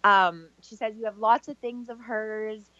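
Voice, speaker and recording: Canadian lady medium on a call-in show, soft reassuring tone, dry dull-ish sound. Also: fairly high pitch, fairly even intonation, a little slow, no echo. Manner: relays messages in quotes, gentle and reassuring. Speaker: psychic medium. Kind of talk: call-in radio reading.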